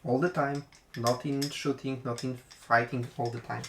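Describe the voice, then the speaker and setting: Male commentator, casual post-game chat, mid-pitched and halting, roomy recording. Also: flat delivery, slight background noise. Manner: thoughtful, hesitant with fillers, breaks into laughter.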